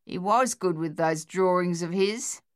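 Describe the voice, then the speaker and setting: Woman voicing a old woman, sharp-tongued, dry, unhurried, smooth tone, audiobook. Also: fairly low pitch, natural voice. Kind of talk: audiobook character voice.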